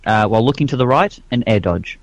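A man's voice: lowish voice, lively intonation, quick pace, dry recording. An Australian man chatting as a podcast guest, laid-back and joking at his own expense. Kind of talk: casual chat.

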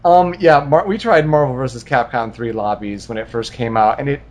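A man's voice: mid-range voice, brisk. A man co-hosting a casual gaming podcast, jokey and teasing, blurting short quips. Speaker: podcast co-host.

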